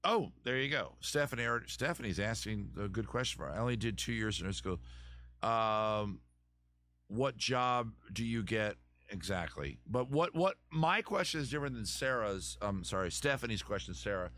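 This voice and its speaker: A man's voice: on the low side, animated, moderate pace, a bit bright. A man hosting a live advice stream, chatting casually and joking as he thinks aloud with many restarts.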